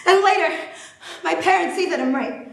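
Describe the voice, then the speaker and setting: A woman's voice: very high-pitched, moderate pace, vocal fry. An actress voicing an anguished young woman who is haunted by her dying brother and cries out in frantic bursts, in a live staged play reading. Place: theatre stage before an audience. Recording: echoey live auditorium recording.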